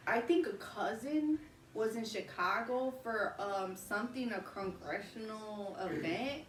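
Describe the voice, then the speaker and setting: A woman in her thirties, a vlog host, telling a personal story in casual, animated chat and often breaking into laughter. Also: mid-range voice, measured pace. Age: 30s. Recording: roomy, distant mic, faint ambience.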